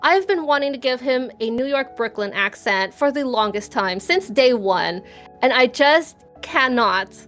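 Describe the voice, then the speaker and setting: A high-pitched woman chats casually as a podcast guest. She giggles often and keeps a playful, bubbly flow, with faint music in the background. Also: expressive, a little slow, fairly bright tone. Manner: giggly, chatty, laughs often. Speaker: guest vtuber.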